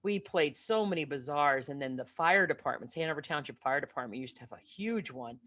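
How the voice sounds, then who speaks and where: A woman from Northeastern Pennsylvania co-hosting a casual chat, chatty and quick to laugh. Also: sits low, animated, a bit bright. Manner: laughs often, chatty and nostalgic. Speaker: podcast co-host.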